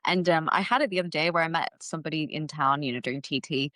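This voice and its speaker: Young woman, lowish voice, dry close sound, chatty guest, lots of fillers. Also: fast talker, no room sound. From California. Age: 20s. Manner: chatty, animated, many fillers and likes. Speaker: podcast guest. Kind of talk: casual conversation.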